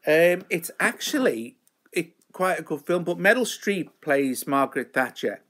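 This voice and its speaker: A man's voice: on the high side, big pitch swings, a little slow, a bit bright. A man hosting a live show, chatting in a rambling, self-mocking way. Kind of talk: casual live-stream chat.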